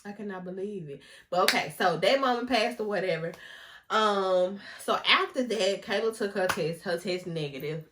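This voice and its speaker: A young woman telling a casual storytime vlog, animated and often laughing, talking straight to her viewers. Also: mid-range voice, normal speed, noisy background. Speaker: vlogger.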